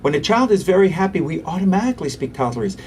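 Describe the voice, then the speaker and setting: A man, a pediatrician and interview guest, who talks animatedly and acts out quick voices for parents and toddlers. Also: high-pitched, very animated, a little mellow, far from the mic, slight background noise. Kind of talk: conversational interview.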